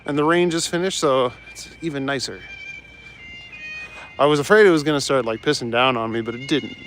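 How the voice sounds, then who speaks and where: A man's voice: mid-range voice, brisk, a bit bright, faint music behind, low-quality recording. A man hosting a live stream while walking city streets at night, casually chatting and joking with viewers as he reads their messages aloud.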